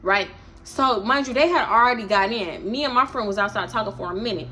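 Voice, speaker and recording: Fast-talking young woman telling a story. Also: a little high, a little hiss or hum. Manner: animated, profane, chatty. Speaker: storytime vlogger. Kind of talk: casual storytelling.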